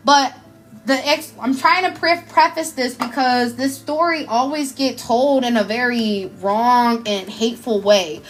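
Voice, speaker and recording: High-pitched woman doing a live card reading, effusive and slangy. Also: measured pace. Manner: emotional, effusive, casual slang. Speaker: tarot reader.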